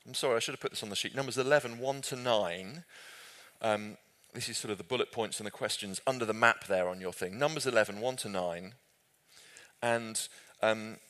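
Man, Bible study leader, easygoing and chatty, often restarting his sentences. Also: mid-range voice. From Britain. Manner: conversational, self-correcting, gently humorous. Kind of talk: group Bible study teaching.

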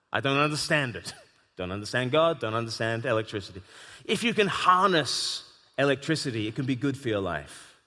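Animated man in an echoey hall. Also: mid-range voice. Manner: animated, emphatic storytelling. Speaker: host. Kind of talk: live conversation on stage.

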